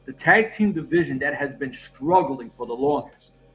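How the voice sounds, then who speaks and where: A man's voice: mid-range voice, normal speed, muffled recording, faint music behind. A man co-hosting a wrestling podcast, telling stories in casual chat, swearing freely and acting out what his friends said. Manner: animated storyteller, swears freely, acts out quoted friends. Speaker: podcast co-host.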